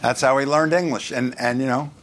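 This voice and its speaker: A pastor from New York with a New York accent, preaching in a conversational way with joking asides and scripture read aloud. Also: male voice, medium pitch, fairly even intonation, brisk, noisy background. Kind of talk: sermon.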